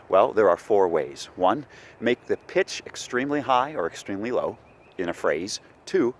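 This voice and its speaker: A male music teacher talks through an online lesson in a low voice that swings widely in pitch. He sometimes breaks into short sung examples. Faint background noise sits under the recording. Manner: animated, sings short examples to demonstrate.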